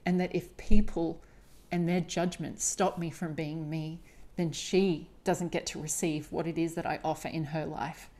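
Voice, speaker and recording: Low-voiced woman podcaster, emphatic and candid. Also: flat delivery, moderate pace, dark tone. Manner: emphatic, frequent swearing; candid, confessional. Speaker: podcast host. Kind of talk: solo podcast monologue.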